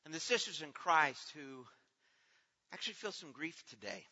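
A middle-aged man preaching a sermon as pastor, earnest, moving between hushed, slow passages and loud, pleading ones. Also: a little high, very animated. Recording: dull sound with long hall reverb.

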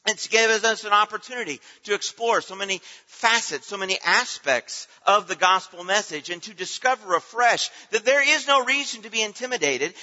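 A male preacher delivers a sermon in a high, piercing voice with emphatic phrasing and call-and-response. His voice rings through a church hall with a long reverb. The recording sounds muffled and lo-fi. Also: bright, forceful tone. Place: church auditorium.

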